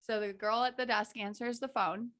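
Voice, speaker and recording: A podcast co-host with a high voice tells a funny story at a moderate pace in casual chat. She's an animated storyteller who laughs often and acts out the quotes.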